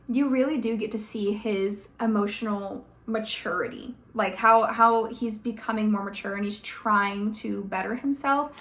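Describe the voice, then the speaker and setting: A woman vlogger giving casual, opinionated commentary, ranting emphatically with lots of "like" and "okay?". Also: fairly high pitch. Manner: emphatic, rants with many "like" and "okay?". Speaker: vlogger reviewing a TV adaptation.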